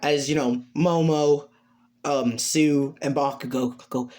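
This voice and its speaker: A woman's voice: low-pitched, steady tone, takes it slowly, a little mellow. A woman improvising a fan story, narrating hesitantly with many fillers.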